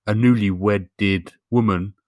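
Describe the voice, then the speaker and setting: A man's voice: fairly low pitch, steady tone, takes it slowly, darkish tone, dry recording, clean studio sound. A man co-hosting a podcast, casually retelling a film's plot with lots of ums, asides and swearing. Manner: rambling storyteller with lots of fillers and swearing. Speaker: podcast co-host. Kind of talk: casual comedic film recap.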